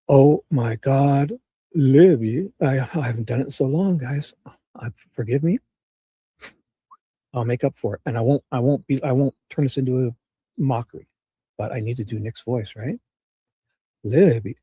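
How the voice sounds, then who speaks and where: A man hosting a casual livestream, reading court documents aloud and rambling excitedly to his chat. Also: mid-range voice, normal speed, breathy edge, dry recording. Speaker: livestream host.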